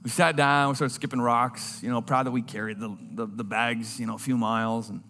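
A man preaching a sermon, telling a personal story in an earnest voice that drops low and quiet at tender moments. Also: steady tone, fairly quick, long reverb tail, faint music behind.

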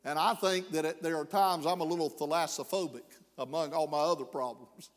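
A middle-aged man preaching a sermon, folksy and self-deprecating, rising to slow emphatic pleas. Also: a little high, fairly even intonation. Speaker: pastor. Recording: long hall reverb.

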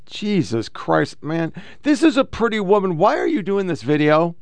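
A man's voice: sits high, sing-song, normal speed, dry recording. A middle-aged man hosting a casual, profane commentary show, bluntly lecturing about the clips he plays. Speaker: podcast host reacting to clips.

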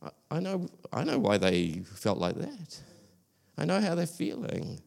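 A man voicing God as a gentle, reassuring male presence, speaking softly and calmly repeating reassurances. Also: on the high side, a little slow, gravelly, exaggerated voice. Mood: knowing. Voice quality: soft and hushed.

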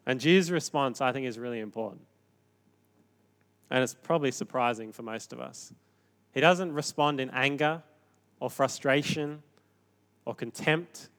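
A man preaching a sermon in a conversational, animated way, moving between quiet reflection and emphatic points. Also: mid-range voice. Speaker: pastor.

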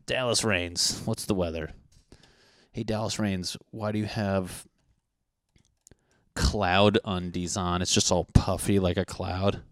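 A man's voice: sits low, steady tone, slow, pauses often, no echo, studio quality. Rambling, profane podcast man. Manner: profane, tangent-prone, jokey. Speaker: podcast host. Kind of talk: rambling casual monologue. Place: apartment in Los Angeles.

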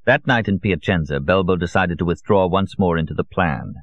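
A man with a very low voice narrates a novel at an even, measured pace. The recording is dry and close, with a dull, lo-fi sound. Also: no room sound. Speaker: audiobook narrator. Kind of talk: scripted narration. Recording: dull, lo-fi audio.

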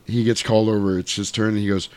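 A man's voice: on the low side, fast talker, dry recording. A man casually retelling a cartoon with crude, profane humor. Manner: profane, animated, lots of voices.

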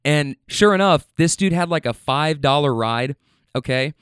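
A man tells stories from his rideshare driving straight to the camera, in a casual, animated way. His voice sits a little high and sounds smooth and clear. It is close and dry, with no room around it. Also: fairly quick, dry recording. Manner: animated, swearing, repeats himself. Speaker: rideshare driver vlogger. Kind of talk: casual storytelling to viewers.

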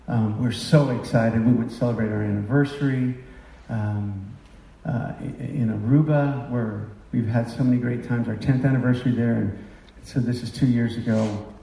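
A man's voice: mid-range voice, fairly even intonation, normal speed, gravelly, warm tone. Emotional preacher man in a roomy hall. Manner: emotional, confessional, rising to impassioned outbursts. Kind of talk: sermon. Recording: roomy sound from a distance.

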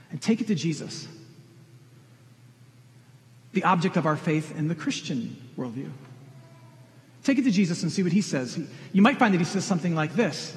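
A middle-aged man preaching a sermon, earnest and direct, pressing questions on his congregation. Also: fairly high pitch. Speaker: pastor. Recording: long reverb of a large hall.

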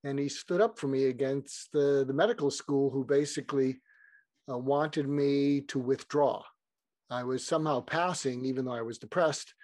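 A man's voice: medium pitch, moderate pace, darkish tone, dry recording. A man in his sixties, a psychiatrist guest, speaking reflectively and candidly with some fillers. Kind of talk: casual interview.

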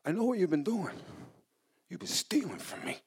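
A man voicing a gruff, heavyset male mobster who talks in clipped tough-guy lines. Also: high-pitched, expressive, normal speed, voice pushed up, exaggerated voice. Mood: menacing.

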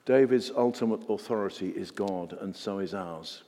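A man's voice: low-pitched, normal speed, mellow. A man preaching a sermon in an earnest way, repeating words for emphasis and putting questions to the congregation. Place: church. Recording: long church reverb.

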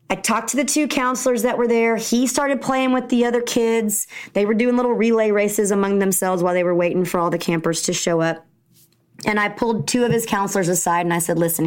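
A middle-aged woman, a Christian speaker, telling a personal story in a conversational way and acting out the dialogue. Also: mid-range voice. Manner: animated, conversational, acts out dialogue.

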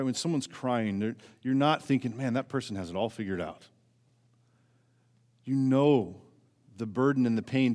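A male pastor preaching a sermon in earnest, asking the congregation rhetorical questions and swinging between raised emphasis and hushed, low passages. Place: church sanctuary. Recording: church sermon with long hall reverb.

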